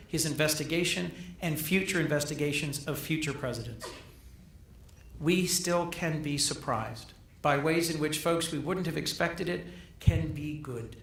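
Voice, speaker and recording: A man's voice: fairly high pitch, fairly bright tone. Man giving an emphatic speech in an echoey hall. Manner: measured, emphatic oratory with repeated phrases. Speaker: senator giving a gala speech. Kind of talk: formal political speech. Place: large banquet hall. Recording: echoey hall, captured from a distance.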